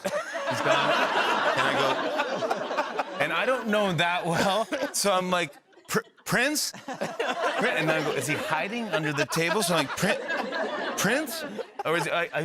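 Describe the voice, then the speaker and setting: A man's voice: high voice, normal speed, long pauses, over a noisy crowd, very noisy. A middle-aged man telling a comic anecdote as a talk show guest, acting out the voices of the people in it. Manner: animated storyteller acting out the other voices.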